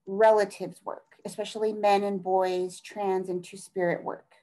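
A middle-aged woman talks at a middle pitch as an interview guest. She is earnest and rambling, and she often trails off mid-thought and starts again. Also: little pitch movement, a little slow, mellow, poor audio. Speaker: interview guest, task force advocate. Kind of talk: conversational interview.

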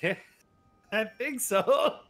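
A man's voice: high-pitched, drawn-out words, fairly bright tone, faint music behind. A man co-hosting a game stream, talking in a joking, folksy put-on cowboy drawl. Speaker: stream co-host. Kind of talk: casual stream banter.

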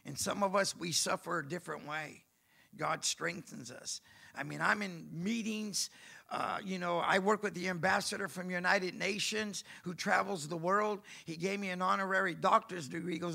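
A man preaching and giving his testimony, telling his story animatedly and acting out the dialogue with bursts of shouting. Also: high-pitched, normal speed, vocal fry, slightly rough. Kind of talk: sermon testimony.

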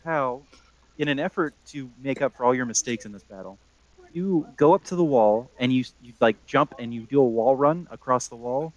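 A man running a tabletop game as game master, narrating the action in a relaxed, chuckling way. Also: mid-range voice, moderate pace, lo-fi sound.

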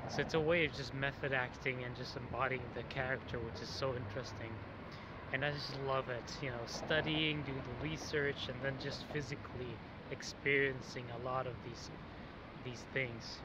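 A man's voice: mid-range voice, fairly even intonation, moderate pace, very noisy. A young man, a film student, chatting casually into a handheld camera as he goes about his days, loose and full of fillers and restarts. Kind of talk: casual vlog chat. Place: around a city, often outdoors in the streets.

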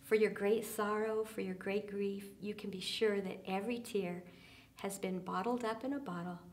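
Her voice is medium-pitched and steady, her pace moderate, as she leads a church small group. She's earnest and leans on fillers, often lowering her voice to a soft hush to stress something.

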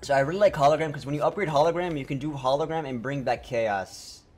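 A man streaming gameplay live, chatting to viewers excitedly and tripping over his words as he plays. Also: fairly high pitch, quick pace, soft background music. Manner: excitable, talks to chat, trips over words. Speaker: game streamer.

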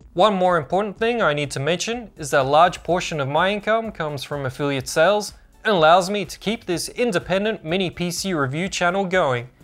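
A man's voice: high-pitched, a bit bright. A man narrating a scripted product review as a tech channel host, upbeat and informative.

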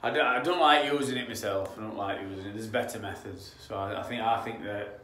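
A man's voice: on the low side, fairly even intonation, brisk, bright, forceful tone, reverberant. A man from Yorkshire with a Yorkshire accent, a damp-proofing tradesman talking casually on site, rambling, restarting phrases and drifting off on tangents. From Yorkshire, England.

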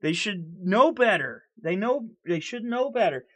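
A man's voice: sits high, animated, unhurried, fairly bright tone. A man in a candid personal vlog, talking earnestly and heatedly, stuttering and repeating himself. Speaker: vlogger.

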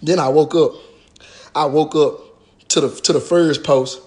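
A man, ranting in an animated, profane and mocking way on a live stream, with a sarcastic repeated "sir". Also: a little high, a little slow. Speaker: rapper addressing his followers.

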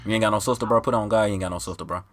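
A man's voice: lowish voice, rapid-fire, a loud crowd. A man hosting a gaming video, trash-talking and getting exasperated in slangy casual chat with an opponent over a headset mic. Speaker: gaming channel host.

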